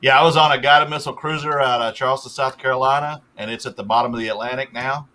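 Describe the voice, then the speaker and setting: A man's voice: medium pitch, fairly even intonation, fast talker, bright, forceful tone, slight background noise. A man in his sixties, a guest on a reselling livestream, who chats casually and explains at length, trailing off as he goes.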